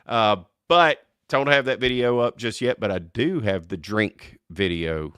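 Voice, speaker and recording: A man's voice: on the low side, measured pace, smooth, no echo, clean studio sound. Chatty man with a North Louisiana drawl. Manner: chatty, laughs often, excitable. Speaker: host. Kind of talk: casual chat.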